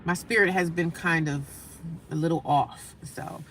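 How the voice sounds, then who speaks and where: A woman's voice: sits low, fairly even intonation, measured pace, fairly bright tone, slight background noise, poor audio. A woman hosting a casual livestream, talking straight to her viewers, greeting them by name and often repeating herself as she goes. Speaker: livestream host.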